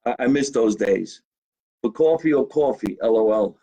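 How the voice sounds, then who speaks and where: Profane New Jersey comedian chatting casually. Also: male voice, medium pitch, expressive, moderate pace, warm tone, slightly rough, poor audio. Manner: loose, profane, joking to viewers. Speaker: comedian host. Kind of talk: casual live-stream chat. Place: home basement.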